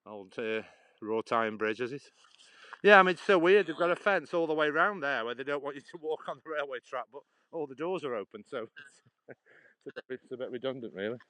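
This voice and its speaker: A man's voice: medium pitch, animated, brisk, pushed and bright, dry recording. Chatty man walking by a canal. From Stoke-on-Trent, England. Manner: chatty, rambling, laughs often, answers viewer comments. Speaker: livestream walker. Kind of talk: casual live-stream chat while walking. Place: outdoors by a canal on a walk. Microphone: phone held while walking.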